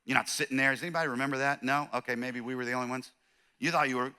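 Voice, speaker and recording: A pastor giving a conversational sermon, telling a story with animated, self-deprecating humor. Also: male voice, medium pitch, rapid-fire, smooth. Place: church.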